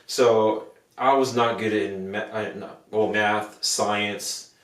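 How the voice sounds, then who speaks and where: A man's voice: fairly low pitch, steady tone, slow pace, far from the mic. Earnest man telling stories in a roomy room. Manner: earnest, rambling, acts out quoted voices. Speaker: podcast co-host. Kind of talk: casual storytelling chat. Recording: roomy, from off the mic.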